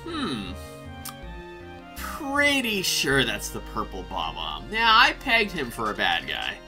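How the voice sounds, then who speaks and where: A man hosting a casual let's play, rambling and excitable, often breaking into laughter. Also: medium pitch, slow, music in the background. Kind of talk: casual gameplay commentary.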